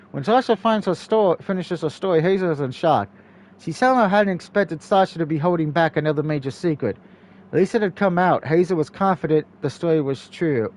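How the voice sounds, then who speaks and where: A man narrating a story-driven game aloud for a let's play. His voice sits fairly high for a man, and he reads the text in a steady, storybook way.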